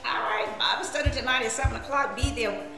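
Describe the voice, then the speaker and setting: A woman minister hosts a casual live stream, laughing often and throwing lively, preachy asides to her viewers. Her voice sits high and she talks fast, heard in an echoey room over music.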